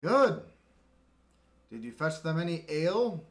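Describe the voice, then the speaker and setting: A proud human lieutenant holds himself high and talks down to his men in curt, condescending lines, as a man acts him out. The voice sits raised and loud above a plain speaking voice. The delivery is unhurried. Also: very animated. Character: haughty arrogant male human lieutenant.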